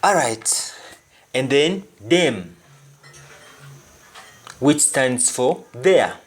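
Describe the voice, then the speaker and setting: A man with a Jamaican accent gives a language lesson. He repeats each phrase deliberately and then translates it. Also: mid-range voice, lively intonation, slightly rough. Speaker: language teacher.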